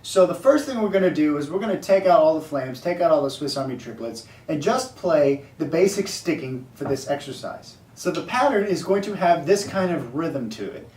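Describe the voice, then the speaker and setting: A man's voice: fairly high pitch, expressive, moderate pace, few pauses, darkish tone, distant mic. A man teaching a drumming exercise, explaining sticking and counting rhythms aloud. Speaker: drum teacher. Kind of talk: casual instructional explanation. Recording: echoey room, off-mic, noisy.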